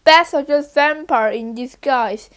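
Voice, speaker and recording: A jumpy, insistent schoolboy from a children's storybook argues his case, as a woman reads it out. His voice is very high and the pace is slow. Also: fairly bright tone. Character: excitable schoolboy sure bats are vampires.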